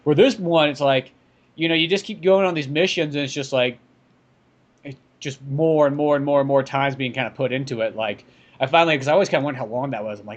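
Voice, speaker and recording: A man in a casual podcast chat who talks fast and in a middle pitch. He is eager and chatty about games. The audio is dull and lo-fi. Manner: fast, chatty, gamer talk. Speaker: podcast co-host.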